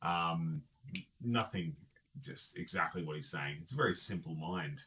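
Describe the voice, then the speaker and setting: Low male voice, game master, casual table narration, relaxed pace. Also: unhurried, slight background noise. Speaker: dungeon master.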